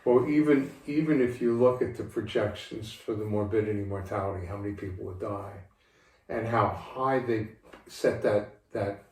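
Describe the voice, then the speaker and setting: An older man answers questions in a measured, deliberate manner, often restarting his sentences. His low voice sits back from the mic in an echoey room, with a faint hiss behind it. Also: darkish tone, distant mic. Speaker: interviewee, father of the host. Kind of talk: casual conversational interview.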